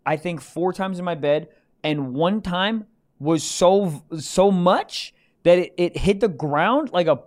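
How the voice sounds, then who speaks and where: Young guy on a podcast, bit high voice, swears a lot, jokey rambling. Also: expressive, slow, a little mellow. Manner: loose, profane, joking. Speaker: podcast co-host. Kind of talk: casual chat.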